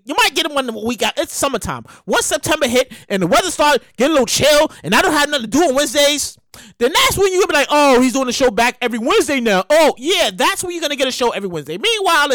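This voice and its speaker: A man hosting a solo comedy podcast, ranting excitably and loudly, stammering and acting out quotes. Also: extremely high pitch, fast talker, dry recording, studio quality. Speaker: podcast host.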